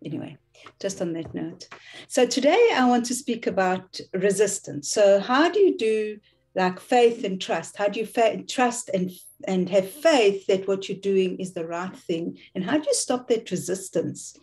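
A woman with a South African accent sharing gentle reflections on a group video call. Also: medium pitch, animated, unhurried. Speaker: participant on a call.

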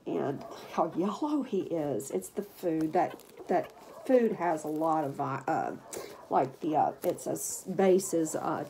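A woman with a lowish voice narrates while she tends to puppies. She chats casually to viewers and coos gentle baby talk at the dogs, with faint household noise behind. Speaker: dog breeder.

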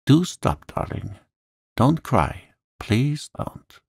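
A man's voice: low-pitched, big pitch swings, a little slow, vocal fry, darkish tone, breathy edge, no room sound, clean studio sound, heavily acted. A man voicing a plump, helpless woman fretting over a crying child in a storybook reading. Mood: flustered. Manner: flustered and pleading.

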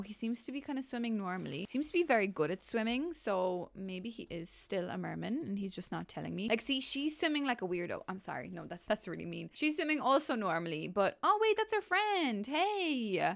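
A woman's voice: medium pitch, a bit bright. A woman chatting casually through a life-sim Let's Play, talking to the characters on screen and laughing often. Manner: chatty, giggly, talks to game characters. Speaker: gaming YouTuber.

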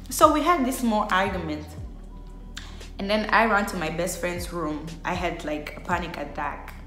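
A woman's voice: on the low side, fairly bright tone. A young woman telling a personal story on her vlog, chatty and full of filler words. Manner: chatty, heavy use of filler "like". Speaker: vlogger. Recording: echoey room.

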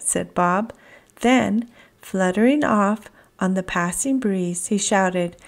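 A woman reading a children's picture book aloud, slow, soft and expressive. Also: mid-range voice, gravelly. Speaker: children's story reader. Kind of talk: read-aloud storytime.

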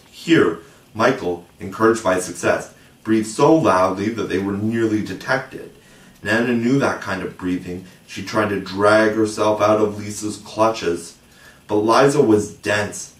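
Male audiobook narrator, low voice, expressive storybook reading; echoey room. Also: unhurried. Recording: roomy, distant mic.

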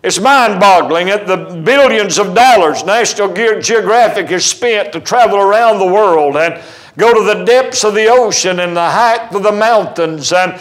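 A man preaching from the pulpit with a high-set voice. He delivers the sermon emphatically, telling stories and acting out quoted dialogue along the way. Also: moderate pace, low-quality recording. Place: church sanctuary.

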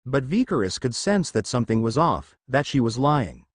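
A man's voice: medium pitch, sing-song, moderate pace, dry recording, clean studio sound. A man reading fan fiction aloud as a narrator, telling the story expressively. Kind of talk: scripted fanfic narration.

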